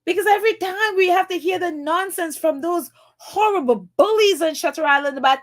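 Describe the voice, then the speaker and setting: Reading viewer comments aloud on her New York live stream, a woman gushes and laughs, close to tears. She speaks a little fast with hardly any pauses, her very high voice full of lively intonation.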